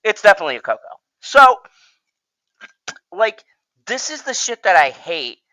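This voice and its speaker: A woman's voice: medium pitch, moderate pace, low-quality recording. A woman co-hosting a casual podcast chat, swearing freely and laughing often. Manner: profane, laughs often, animated. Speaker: podcast co-host.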